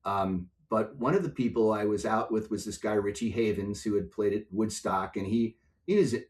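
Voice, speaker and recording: An older man, a music and software executive, telling stories as a podcast guest and acting out other people's voices. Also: lowish voice, normal speed. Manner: animated storyteller, acts out voices in anecdotes. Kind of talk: storytelling in a podcast interview.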